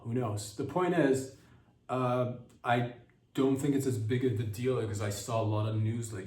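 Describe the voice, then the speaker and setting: A man's voice: mid-range voice, fairly even intonation, normal speed, a little mellow. Rambling, sarcastic male podcast host. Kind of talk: comedic monologue. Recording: roomy sound, mic at a distance.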